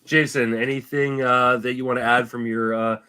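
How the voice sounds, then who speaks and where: A man's voice: mid-range voice, flat delivery, moderate pace, pushed and bright, clear, resonant tone. A man hosting a fantasy baseball podcast, chatting casually and laughing often. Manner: laughs often, jokes about sarcasm. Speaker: podcast host.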